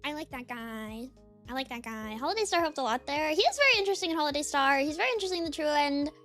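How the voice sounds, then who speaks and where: Super high-pitched woman streaming from her desk, bouncy and up-and-down, lots of "like" and "um", quiet music behind. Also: animated, fast. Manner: bubbly, filler-heavy, greets viewers one by one. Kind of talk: casual live-stream chat. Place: home desk.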